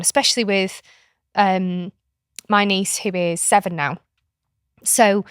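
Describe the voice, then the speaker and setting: A woman's voice: medium pitch, fairly bright tone, clear, resonant tone, dry recording. Frank, chatty British woman, dry sound. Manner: frank, chatty explainer who slips into playful voices. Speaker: podcast guest, author and kinship carer. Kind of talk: casual podcast conversation.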